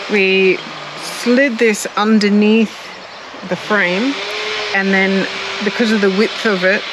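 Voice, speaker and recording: A chatty Australian woman talks about her garden outdoors, laughing now and then and fumbling for words. Her voice sits in a middle range, with clear outdoor noise behind her. The mic is set some way off. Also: medium pitch. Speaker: co-host of a gardening channel. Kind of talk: casual chat.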